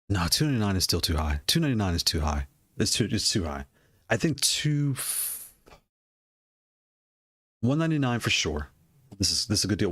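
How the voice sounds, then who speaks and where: In clean studio sound with no echo, a man with a lowish voice chats about game controllers as he browses. He's a gaming hardware video creator, and his casual product talk rambles, repeats itself, and is full of laughter.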